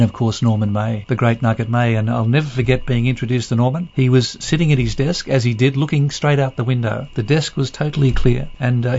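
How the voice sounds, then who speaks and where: Chuckling older Australian storyteller. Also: male voice, medium pitch, a little mellow, highs cut off. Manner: chuckling storyteller who mimics colleagues. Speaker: guest, veteran sports commentator. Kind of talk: anecdotal radio interview.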